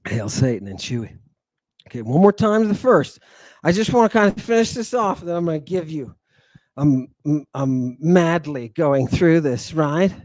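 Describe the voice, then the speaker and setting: A middle-aged man hosting a lecture for an online audience, theatrical and sighing, swinging from booming declarations to muttered asides. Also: animated, normal speed, a little mellow, dry recording. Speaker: host.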